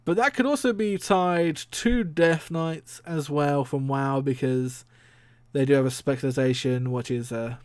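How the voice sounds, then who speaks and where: A man's voice: on the high side, measured pace, smooth, no room sound. A man hosting a casual solo stream, rambling and chatty, laughing often and swearing casually. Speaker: streamer and podcast host.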